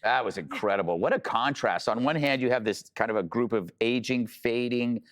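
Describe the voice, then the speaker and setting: A man's voice: mid-range voice, normal speed. A man on a news panel, mocking and sarcastic, often restarting his sentences. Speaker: co-host of panel show. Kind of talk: casual panel commentary.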